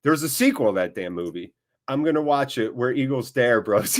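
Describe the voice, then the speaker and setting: A man hosting a live football watchalong, chatting casually, joking, getting excited and reading out viewer comments. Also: medium pitch, moderate pace. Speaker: watchalong host.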